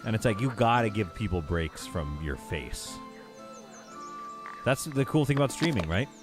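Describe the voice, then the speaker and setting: This man's voice is lowish and animated, moving at a normal speed as he plays a building game on stream. Game music runs in the background while he muses aloud and jokes with chat.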